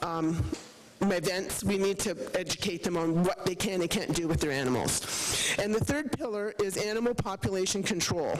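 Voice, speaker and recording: A woman's voice: mid-range voice, a little hiss or hum, rough recording. Chatty woman presenting to a council. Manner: chatty, loose, with many fillers. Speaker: animal rescue representative. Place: council chamber.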